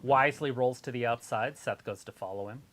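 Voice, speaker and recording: A woman's voice: very deep voice, brisk. A woman co-hosting a wrestling watch-along stream in casual chat, giving opinions in an explaining manner.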